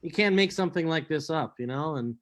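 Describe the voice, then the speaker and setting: A woman co-host in a casual interview, reacting with excitement and quick, stumbling enthusiasm. Her voice sits fairly low.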